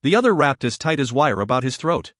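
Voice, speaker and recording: A man's voice: medium pitch, sing-song, a little fast, fairly bright tone, no room sound. Man narrating an audiobook, dry sound. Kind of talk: scripted narration.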